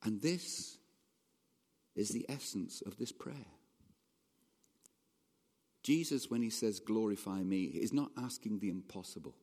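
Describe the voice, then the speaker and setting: Brief: male preacher in a church, lively rising and falling delivery, long hall reverb. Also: on the low side, slow pace, long pauses. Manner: conversational, animated preaching with rhetorical questions. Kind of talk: sermon.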